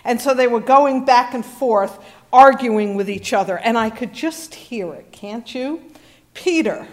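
A woman's voice: on the high side, unhurried. A woman pastor preaching a sermon in a conversational, storytelling way with wry humor.

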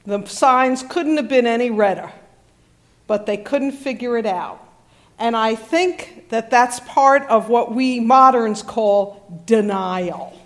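A woman's voice: fairly high pitch, slow pace. A woman pastor preaching a sermon in a conversational, storytelling way with wry humor.

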